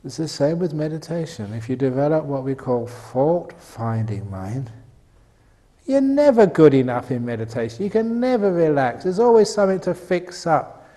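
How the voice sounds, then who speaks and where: A man's voice: on the high side, very animated, normal speed, warm tone, big-room sound. An older man giving a humorous dharma talk at a meditation retreat, joking and laughing often at his own lines. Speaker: meditation teacher.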